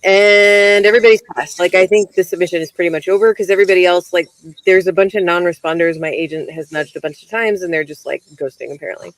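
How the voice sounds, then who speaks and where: A woman author and book coach in casual livestream chat, explaining things in a relaxed way. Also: lowish voice, quick pace, no room sound, poor audio.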